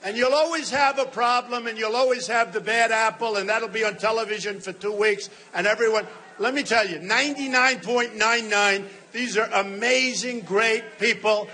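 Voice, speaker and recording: A man's voice: high voice, moderate pace, pushed and bright, a little hiss or hum. A man in his sixties giving an off-the-cuff campaign rally speech to a large hall, emphatic and repetitive, often talking straight to the crowd. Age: 60s. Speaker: political candidate.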